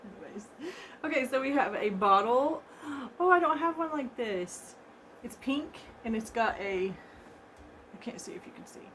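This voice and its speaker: A woman chatting casually to her viewers from a room at home as she unboxes a gift, excitable and gushing, laughing often and repeating herself. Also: a little high, normal speed, a little hiss or hum. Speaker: vlogger opening a gift box.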